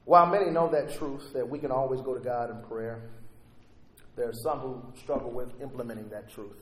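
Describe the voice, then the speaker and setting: A man's voice: mid-range voice, fairly quick, fairly bright tone. A man preaching a sermon and reading scripture aloud, rising with fervor on quoted prayers. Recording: echoey hall with faint ambience.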